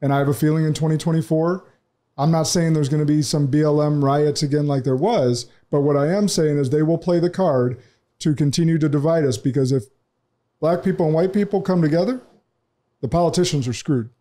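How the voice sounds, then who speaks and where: Upbeat podcast host with a mellow voice. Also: male voice, a little high, brisk. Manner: energetic, opinionated, emphatic. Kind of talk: casual podcast chat. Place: studio.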